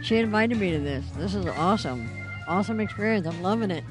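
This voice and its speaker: A woman's voice: medium pitch, expressive, fast talker, over music. A woman guest chatting in a bubbly, giggly way at a live event.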